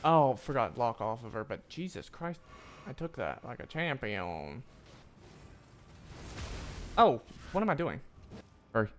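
A medium-pitched, very animated man streams a game with live commentary, speaking a little slowly and pausing often. He swears a lot, erupts in frustration, mocks himself and mutters between loud yelps, with a little hiss or hum in the background.

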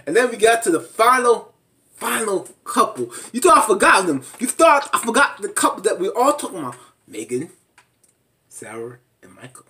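A man recapping a reality show in a casual vlog, animated and laughing, mimicking people with high squeals. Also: normal speed, distant mic. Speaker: reality TV reviewer.

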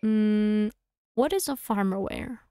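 A woman streamer chatting casually to herself and her audience while playing a game, thinking aloud with quick asides. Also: medium pitch, mellow, clean tone, no room sound.

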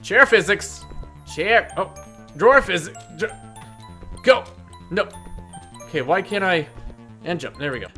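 Lively, excitable man playing games. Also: high-pitched, a little slow, long pauses, soft background music. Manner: excitable, jokey, loud outbursts. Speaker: gaming video host. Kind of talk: let's play commentary.

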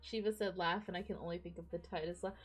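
A woman streaming a game live, giggling often and swearing casually in excitable commentary. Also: fairly low pitch, fast talker, husky.

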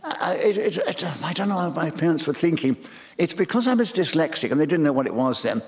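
A man's voice: a little high, animated, brisk. An older English man, a guest in a stage conversation, telling anecdotes animatedly and acting out the voices of people in them. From England. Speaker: interviewed guest.

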